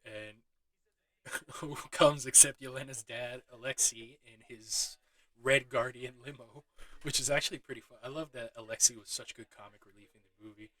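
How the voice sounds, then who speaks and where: Excitable swearing man recapping a movie. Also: mid-range voice, normal speed, rough recording. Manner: excitable, swears often, laughs while talking. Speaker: movie reviewer. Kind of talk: casual spoiler recap.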